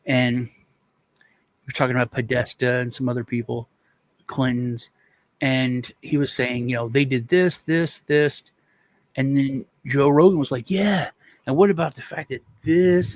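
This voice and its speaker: A man's voice: medium pitch, no echo. A male co-host rambling through a casual chat, retelling stories with restarts and quoted voices.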